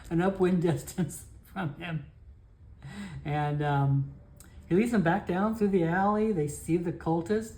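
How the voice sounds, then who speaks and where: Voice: medium pitch, measured pace, warm tone. A player narrating a solo tabletop game session, rambling casually with fillers and self-corrections.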